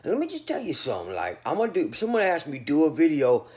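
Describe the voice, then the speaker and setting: A man's voice: a little high, huge pitch swings, fast, a little mellow. A man from North Carolina talking casually to camera as a vlogger, boastful and rambling in street slang, a little sleepy.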